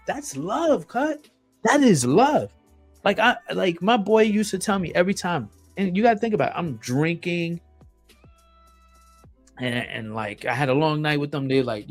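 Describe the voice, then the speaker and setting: Solo podcast host, male, blunt and emphatic, cursing freely, slightly raised pitch. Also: very animated, unhurried, soft background music. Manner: blunt and emphatic, swears often, repeats phrases.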